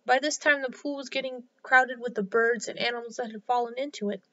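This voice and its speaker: A woman reads a children's story aloud with clear, expressive delivery. Her voice is high and bright. The recording is a little dull and lo-fi. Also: a little fast. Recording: slightly dull lo-fi sound.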